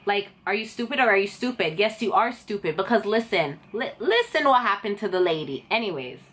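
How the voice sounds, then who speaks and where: A woman's voice: medium pitch, brisk. A young woman telling an indignant story to camera in a casual vlog. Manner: animated and indignant, talks to camera. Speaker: vlogger.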